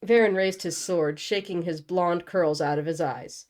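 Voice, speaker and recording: A woman's voice: on the low side, unhurried, a little mellow. A young woman reading a novel aloud and breaking off for casual, joking commentary. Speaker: book channel host.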